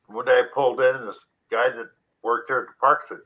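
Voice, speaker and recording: Brief: male remote guest, mid-pitched, dry teasing humor, slightly muffled remote audio. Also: little pitch movement, fast. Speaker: remote guest on a live stream. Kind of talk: casual live stream chat.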